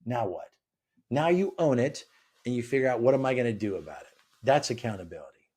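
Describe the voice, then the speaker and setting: A man guesting on a podcast talks with a mellow, slightly husky voice. He tells his points as lively little scenes and slips into the voices of the people he quotes. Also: mid-range voice, fairly quick. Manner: animated, acts out quoted voices. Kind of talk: conversational interview.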